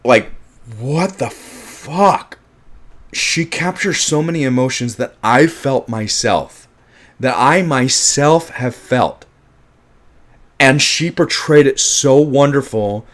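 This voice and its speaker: A man's voice: medium pitch, animated, slow pace. A man giving a casual film review monologue, emphatic and passionate, swearing often and restarting his sentences.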